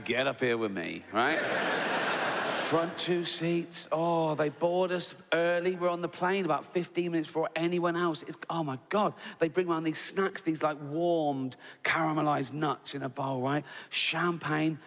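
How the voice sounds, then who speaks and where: English comedian, bit high, roomy stage. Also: male voice, fairly bright tone. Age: middle-aged. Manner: conversational, keeps tagging "right?", swears freely. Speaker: stand-up comedian. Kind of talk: stand-up comedy set. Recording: live stage audio in a large reverberant venue with faint ambience.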